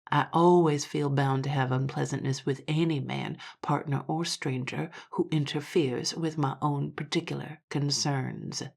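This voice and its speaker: Woman playing a sly menacing saloon owner. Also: fairly low pitch. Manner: deliberate, veiled threats.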